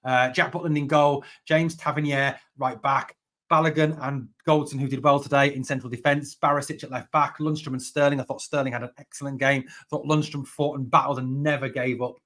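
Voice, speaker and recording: A man's voice: medium pitch, little pitch movement, a little fast, a bit bright. A man hosting a fan channel, giving a passionate solo reaction to a football match, repeating points for emphasis.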